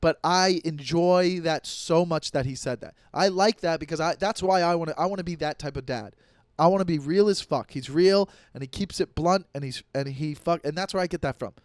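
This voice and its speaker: A man's voice: fairly high pitch, brisk, no echo, clean studio sound. A man in his thirties, a comedian hosting his own podcast, telling stories in a rambling, profane casual monologue full of restarts. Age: 30s.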